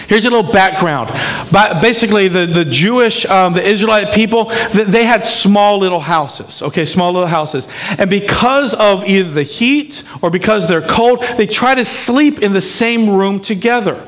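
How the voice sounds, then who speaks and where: A man's voice: high voice, animated, normal speed, fairly bright tone. A man preaching a sermon as pastor, emphatic and often checking in with the congregation. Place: church sanctuary. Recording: long hall reverb in a church.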